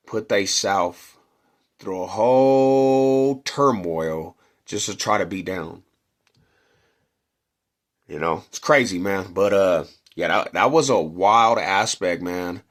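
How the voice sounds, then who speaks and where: A man's voice: low voice, a bit bright. A middle-aged man from Denver telling a neighborhood story in slangy casual talk, acting out quotes and punches. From Denver, Colorado.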